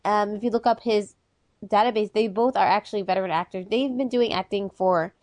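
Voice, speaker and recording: A woman co-hosting a casual podcast, bubbly and excitable, chatty with lots of fillers. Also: medium pitch, fairly quick, no echo. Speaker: podcast co-host. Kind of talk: casual chat.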